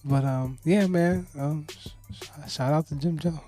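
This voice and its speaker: A man's voice: a little high, a little slow, dark tone, soft background music. Rambling man reviewing an album. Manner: rambling, full of "you know" fillers. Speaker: podcast co-host. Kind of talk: casual album review chat.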